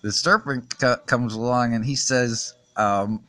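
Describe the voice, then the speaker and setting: Slow, halting man teaching a lesson. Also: medium pitch, sharp tone, no room sound. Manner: halting, many restarts and fillers, chuckles often. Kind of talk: casual Bible lesson while drawing.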